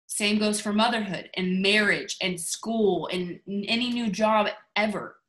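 A woman's voice: mid-range voice, fairly even intonation, measured pace, a bit bright. A woman giving a motivational talk to her team over a video call, in a chatty, gushing way. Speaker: team leader.

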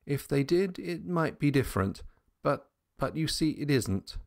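A man voicing a grave, scornful young boy who speaks slowly and respectfully. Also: a little high, expressive, vocal fry, darkish tone, pitched above the performer's own voice.

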